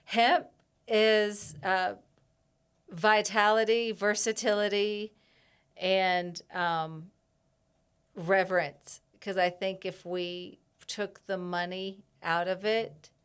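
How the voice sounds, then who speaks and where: A woman herbalist in a casual podcast interview, reflective, pausing often with fillers and laughing easily. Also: medium pitch, steady tone, clear, resonant tone. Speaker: herbalist guest.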